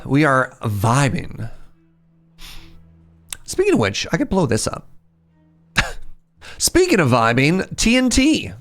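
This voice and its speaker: A middle-aged man from British Columbia with a British Columbia Canadian accent, casually chatting through a game stream. He teases his viewers and answers their comments, and his voice swoops up and down with lively intonation. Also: mid-range voice, slow, long pauses, soft background music. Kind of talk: casual live-stream chat.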